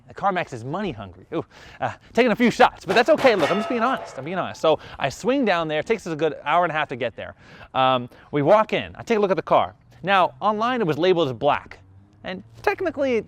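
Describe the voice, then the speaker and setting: Man, vlogger, animated storyteller; lively, fairly high voice, dry close sound, self-mocking, plays all the parts. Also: fast, no echo. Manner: animated, acts out every side of each exchange; self-mocking, jumps in pitch when excited. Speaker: car vlogger telling his story.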